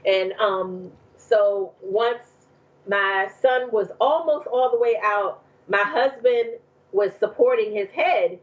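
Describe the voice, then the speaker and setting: Woman guest from New Jersey, chatty storyteller with lots of fillers, mid pitch, slightly muffled audio. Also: slow pace. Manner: chatty, laughs often, many fillers. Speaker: podcast guest. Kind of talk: casual storytelling.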